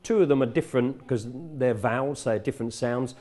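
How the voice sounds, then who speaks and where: A middle-aged man preaches in a relaxed, conversational way, often stopping to restart his sentences. His voice is mellow and dark, sitting at an ordinary pitch for a man. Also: brisk. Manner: conversational, self-correcting, warm teaching tone. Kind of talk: sermon. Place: church.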